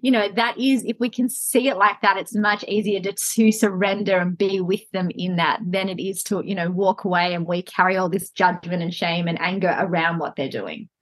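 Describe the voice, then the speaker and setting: A woman's voice: on the low side, steady tone, normal speed, few pauses, no echo. A woman guest in a casual podcast conversation, speaking thoughtfully and hesitantly, with many "you know"s.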